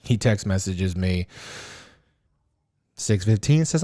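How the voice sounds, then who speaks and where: A man's voice: low voice, lively intonation, measured pace, pauses often, warm tone, a little hiss or hum. A man co-hosting a casual podcast chat, laughing often, swearing freely and acting out the things people said to him. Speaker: podcast co-host.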